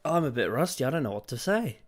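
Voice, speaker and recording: A man's voice: mid-range voice, very animated, fast, slight background noise. Giggly, stumbling male podcast host. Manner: laughs often, trips over words. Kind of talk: casual podcast chat.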